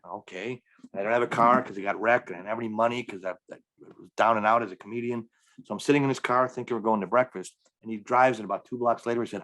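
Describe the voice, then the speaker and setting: A man's voice: on the low side, steady tone, fast talker, fairly bright tone. A middle-aged man, a stand-up comedian, telling a long story in a podcast interview and acting out the dialogue with energy. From Milwaukee area, US.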